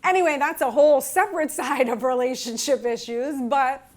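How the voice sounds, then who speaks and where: A woman with a fairly high voice tells a personal story in a candid, self-mocking way. She is animated and frank, a relationship speaker talking straight to her listeners. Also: normal speed.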